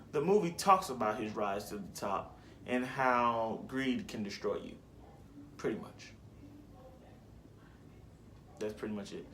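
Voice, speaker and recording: A young male vlogger with a mid-range, fairly bright voice chats casually about his favorite movies, rambling in slang and correcting himself as he goes. The recording has a slight hiss or hum.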